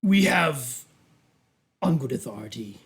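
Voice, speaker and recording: A man voicing a cruel, sinister old male duke in a tabletop game, speaking in a slow, soft, menacing purr. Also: mid-range voice, lively intonation. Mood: coolly menacing.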